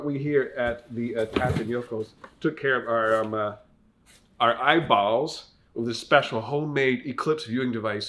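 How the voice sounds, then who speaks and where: A man's voice: medium pitch, fairly bright tone. A man presenting his outfit in a store vlog, with a congested, muffled voice and a playful, mock-grandiose manner. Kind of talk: casual fit-check vlog. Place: clothing store.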